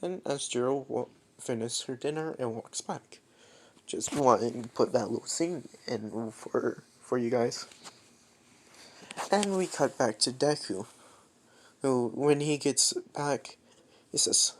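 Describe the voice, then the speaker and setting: Young man, slow pace, rambling, improvised fan story narration. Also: medium pitch, expressive, a little hiss or hum. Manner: rambling, many fillers and restarts.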